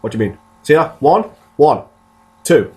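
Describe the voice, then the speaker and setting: A man's voice: on the high side, lively intonation, moderate pace, crowd noise. A man, co-hosting a podcast and rambling through jokey stories in casual chat. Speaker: podcast co-host.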